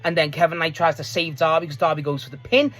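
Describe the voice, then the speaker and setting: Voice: mid-range voice, fairly even intonation, quick pace, a bit bright, soft background music. A speaker giving a casual, rambling recap of a wrestling match. They swear freely, laugh often and restart sentences a lot. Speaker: wrestling show reviewer.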